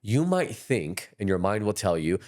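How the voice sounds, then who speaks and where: A man's voice: fairly low pitch, sing-song, normal speed, a little mellow. A man talking as a guest energy healer in a casual podcast conversation, telling rambling stories with many restarts.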